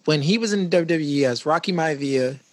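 A man's voice: a little high, brisk, no room sound. A man hosting a casual conversation, talking in a chatty, reflective way with frequent restarts.

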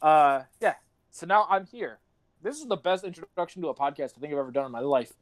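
A young man on a casual podcast, talking in a loose, rambling way full of swearing and laughter. His voice sits high for a man. The sound is dry and close, with no room to it. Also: lively intonation, fast talker, dry recording. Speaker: podcast host.

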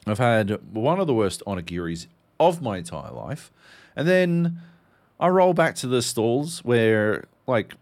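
A man co-hosting a podcast, telling stories in animated casual chat and swearing often. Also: sits low. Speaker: podcast co-host.

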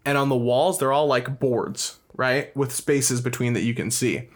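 A man in casual chat, telling animated stories about his dreams and swearing a lot. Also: medium pitch, measured pace. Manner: animated storytelling with heavy swearing.

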